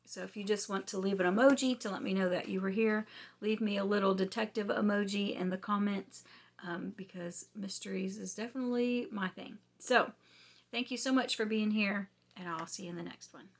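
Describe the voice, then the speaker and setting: Hoarse chatty woman reviewing books. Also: medium pitch, fairly even intonation, moderate pace. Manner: chatty, rambling, many ums. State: losing her voice, hoarse. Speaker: book reviewer, channel host. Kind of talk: casual book review chat.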